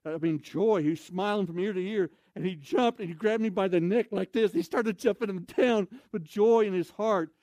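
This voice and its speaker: Man, evangelist, sermon storytelling, fairly high voice, dry close sound, animated with loud exclamations. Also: normal speed, hardly any pauses, dry recording.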